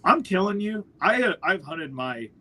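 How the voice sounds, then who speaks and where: With a voice that sits high and a normal speaking speed, a man from northwestern Ontario, Canada, hosts a casual podcast about hunting. The recording is rough with a little hiss or hum, and he tells his stories animatedly, voicing the people he quotes.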